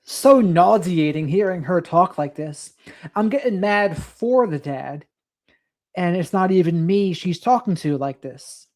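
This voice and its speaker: A woman's voice: on the low side, lively intonation, unhurried, a little mellow. A woman co-host giving blunt, scolding commentary on the texts. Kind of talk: casual commentary.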